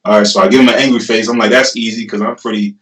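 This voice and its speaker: Roomy, animated young man telling a story. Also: fairly low pitch, rapid-fire. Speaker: guest. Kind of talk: casual storytelling. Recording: roomy, distant mic.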